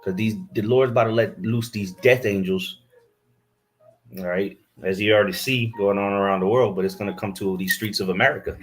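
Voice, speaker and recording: Male street preacher, fiery scolding sermon, fairly deep voice, faint music behind. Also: steady tone, fairly quick. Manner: preachy, scolding, reads scripture aloud.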